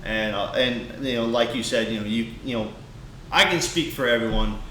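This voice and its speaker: In this casual podcast chat, a young male co-host rambles through a heartfelt story, starting over again and again. He speaks at medium pitch and a moderate pace, his tone fairly bright. Faint hiss and an echoey room color the recording.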